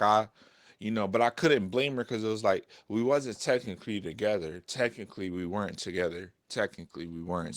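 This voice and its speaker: A young man talking candidly to camera in a personal vlog, frank and profane, getting animated when he vents. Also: on the low side, no room sound. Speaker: vlogger.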